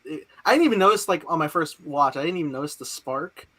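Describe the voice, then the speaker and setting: A young man hosting a casual podcast chat, excitable, laughing often and swearing. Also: on the high side, fast. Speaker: podcast host.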